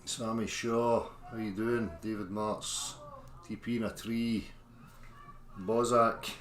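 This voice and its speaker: A man's voice: on the low side, level tone, takes it slowly, fairly bright tone, reverberant, faint music behind. A Scottish man hosting a casual livestream, chatting informally and reading out viewers' names as he greets them. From Scotland. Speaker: livestream host.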